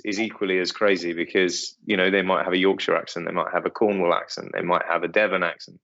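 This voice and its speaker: A middle-aged estate owner answers interview questions in a low, slightly bright voice. He sounds hesitant, with plenty of ums and restarts. The recording has a dull, lo-fi quality.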